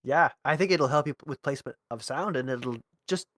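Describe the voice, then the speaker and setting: Mid-pitched male host from Canada, hesitant and agreeable, dry close mic. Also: fairly quick, a bit bright, no room sound. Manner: hesitant, restarts and agrees often. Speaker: podcast host. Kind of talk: casual interview chat.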